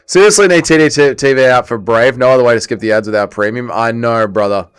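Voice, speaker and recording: Excitable Welsh man streaming fight commentary. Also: mid-range voice, fairly quick, clear, resonant tone, soft background music. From Wales. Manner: excitable, chatty, reads chat aloud. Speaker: livestream host. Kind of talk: casual livestream watch-along commentary.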